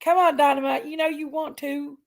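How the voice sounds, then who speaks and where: A woman hosting a casual live chat, loud and laughing often, her voice hoarse from allergies. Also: high-pitched, steady tone, a little fast. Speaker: livestream host.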